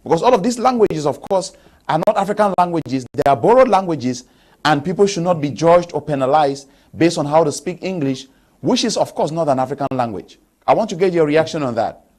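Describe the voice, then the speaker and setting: A man from Cameroon hosting a TV panel discussion, asking questions in a measured way with frequent fillers. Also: fairly high pitch, lively intonation, darkish tone. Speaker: talk show host.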